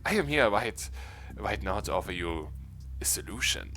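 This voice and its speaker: A man voicing a formal, courteous undead mastermind in a game, speaking in a measured way. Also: fairly low pitch, lively intonation, creaky, bright, forceful tone, slight background noise, heavily acted. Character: polite undead zombie mastermind gentleman.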